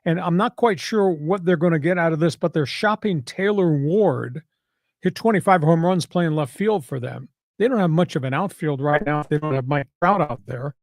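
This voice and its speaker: A man hosts a sports talk podcast with a brash, sarcastic edge and punchy delivery. His voice sits a little high. The sound is dry and close, with no room echo. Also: normal speed.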